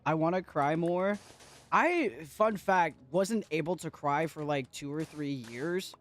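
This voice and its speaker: High, lively-voiced man streaming a game. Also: unhurried, soft background music. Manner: chatty, playful and giggly, talks to chat. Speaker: livestreamer. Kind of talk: casual gaming livestream chat.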